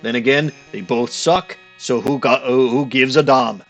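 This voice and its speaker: A man's voice: mid-range voice, unhurried, fairly bright tone, soft background music. A man playing through a game, reading the dialogue aloud in a goofy put-on Scottish accent and commenting on the story. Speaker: let's play streamer.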